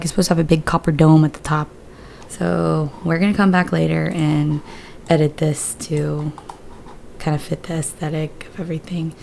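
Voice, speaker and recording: A woman casually talking through a life-sim game, her voice hoarse after surgery, chatty and a little scattered. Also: low voice, level tone, normal speed, warm tone, a little hiss or hum. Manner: rambling, chatty, a bit scattered. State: hoarse after surgery, voice lower than usual. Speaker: gaming video creator. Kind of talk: casual gameplay commentary.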